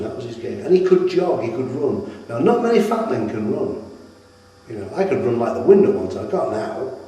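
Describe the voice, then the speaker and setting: A man's voice: medium pitch, normal speed. Middle-aged man, rambling storyteller. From Britain. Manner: rambling, animated, with many restarts. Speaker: retired wrestler interviewee. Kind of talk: anecdotal interview storytelling. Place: at his home. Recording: echoey room, mic at a distance.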